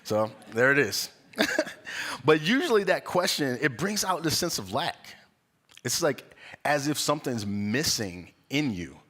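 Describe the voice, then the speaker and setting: A young man giving a conversational sermon at a spiritual center, an animated storyteller who acts out the voices in his stories and laughs often. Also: medium pitch, unhurried. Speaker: guest speaker at a spiritual center. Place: church sanctuary.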